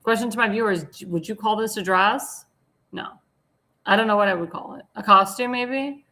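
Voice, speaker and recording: A woman's voice: medium pitch, moderate pace, bright, forceful tone. Blunt, scornful woman host. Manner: rambling, searches for words. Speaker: talk show host. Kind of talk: opinionated commentary on slides.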